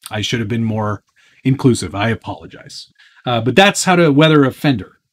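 A man's voice: medium pitch, normal speed. Casual man hosting a live Q&A. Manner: relaxed and chatty, answering viewer questions, with frequent fillers. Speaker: host of a live Q&A stream. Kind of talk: casual live-stream chat.

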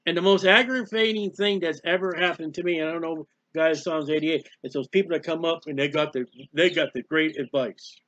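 A man giving a personal devotional talk as a preacher, emotional and halting, sometimes crying out in prayer. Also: fairly high pitch, fairly even intonation, fairly bright tone, dry recording, dull audio.

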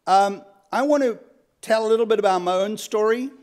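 A man in his fifties with a South African accent, moderating a law school panel, introducing speakers and telling his own story in a halting, earnest way with many fillers. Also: high voice, darkish tone. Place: lecture hall.

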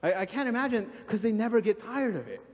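A man preaching a sermon in a church sanctuary, animated, acting out scenes and repeating phrases for emphasis. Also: sits high, fast. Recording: dull recording with long church reverb.

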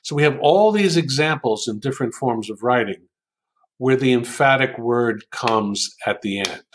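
A man's voice: medium pitch, lively intonation, moderate pace, a little hiss or hum. An older American man, an author and writing coach, talking through examples in a conversational interview, thoughtful and hesitant with frequent ums, lingering over quoted lines.

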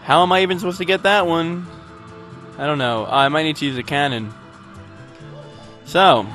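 A man's voice: a little high, moderate pace, a bit bright, faint music behind. A man giving casual gameplay commentary, frustrated and profane, rambling while a bit tipsy. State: tipsy from drinking. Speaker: let's play gamer.

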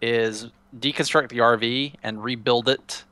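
A man's voice: medium pitch, fairly even intonation, a little slow, bright, forceful tone, no echo. A man casually showing a Minecraft server to a friend, rambling and restarting his sentences. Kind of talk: casual gameplay chat.

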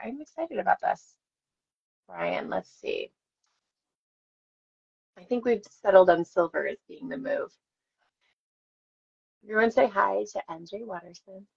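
A woman's voice: medium pitch, lively intonation, unhurried, vocal fry, pauses often, breathy edge. A woman in her forties, an actress chatting with fans and telling stories on a live stream while signing autographs. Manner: chatty, self-deprecating, storytelling. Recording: dull lo-fi stream audio.

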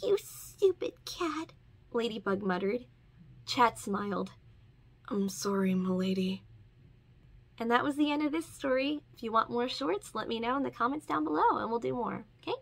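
A woman's voice: fairly high pitch, lively intonation, a little fast, vocal fry, a bit bright. A young woman hosting her channel and reading a short comic story aloud. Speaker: channel host reading stories. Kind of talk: read-aloud story narration.

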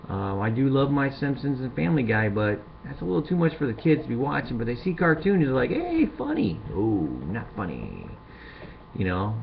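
A middle-aged man hosting a comedic monologue, rambling and crude, building to loud rants. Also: mid-range voice, gravelly. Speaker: show host. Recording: dull lo-fi sound with faint hiss.

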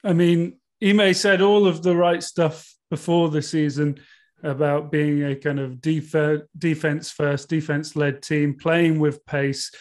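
A man's voice: on the high side, little pitch movement, slow pace, a little mellow. A British man co-hosting a podcast, chatty and self-mocking in casual talk. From United Kingdom. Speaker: podcast co-host.

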